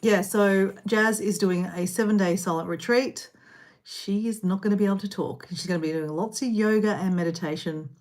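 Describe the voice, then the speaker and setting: A woman hosting a casual live stream, rambling and chatting while eating snacks indoors. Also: medium pitch. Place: indoor room.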